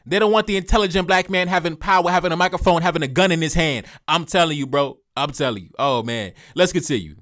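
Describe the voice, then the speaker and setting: A man hosting a casual reaction video, talking in animated slang and repeating phrases for emphasis. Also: on the high side, fast, hardly any pauses. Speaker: YouTube reaction host.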